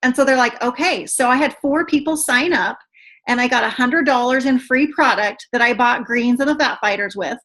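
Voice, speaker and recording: A woman's voice: fairly high pitch, normal speed. Upbeat woman trainer, gushing and talkative on a video call. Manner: chatty and excitable, says "you guys" a lot. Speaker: team trainer.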